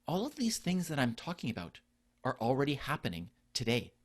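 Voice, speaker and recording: A man's voice: medium pitch, huge pitch swings, a little fast. A middle-aged man, a physician, giving an earnest conference presentation that explains ideas through rhetorical questions.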